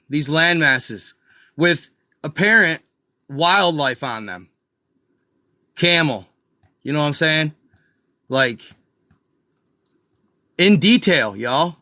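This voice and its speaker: A man hosts a live stream from a computer at home, talking slowly and loosely over a map and calling his viewers y'all. His voice is bright and sits a little high. The sound is dry and close, with the mic near him and almost no room around it. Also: lively intonation, dry recording. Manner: slow, rambling, addresses viewers as y'all; exasperated asides, mutters to himself. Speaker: channel host.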